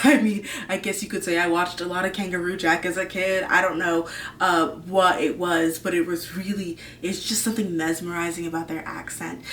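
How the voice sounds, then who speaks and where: A woman's voice: lowish voice, fairly bright tone, slight background noise. A woman host chatting casually to camera, rambling with lots of fillers and gushing about what she likes. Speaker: video host. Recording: roomy room, mic at a distance.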